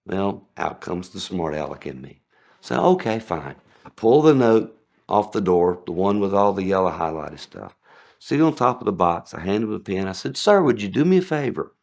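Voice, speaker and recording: In an expressive, creaky, darkish voice at a moderate pace, a man who used to deliver packages tells sarcastic stories about that job. Whenever he quotes someone, he performs them with big leaps in pitch.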